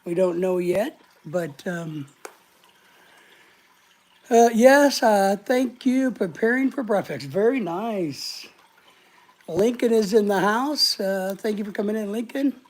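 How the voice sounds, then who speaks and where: A woman's voice: mid-range voice, lively intonation, slow pace, darkish tone. A woman hosting a casual live stream, a little short of breath, rambling and greeting viewers one by one.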